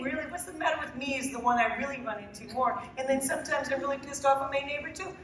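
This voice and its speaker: Middle-aged woman painter, earnest and halting, fairly high voice, heard from a distance in a big echoey hall. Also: animated, noisy background. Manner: earnest, halting, restarts often, laughs. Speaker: painter giving a demo talk. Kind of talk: emotional, rambling live talk to an audience. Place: large echoey hall, live audience.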